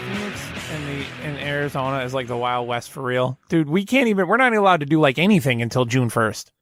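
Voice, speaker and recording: A man's voice: medium pitch, lively intonation, fairly quick, music in the background. A man hosting a comedy podcast in casual chat, rambling and restarting as he tells stories. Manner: rambling, self-interrupting storyteller. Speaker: podcast host.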